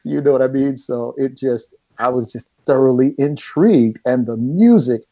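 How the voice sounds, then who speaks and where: A middle-aged man, a guest in a casual chat, telling stories in an animated way and often laughing. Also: medium pitch, normal speed, lo-fi sound.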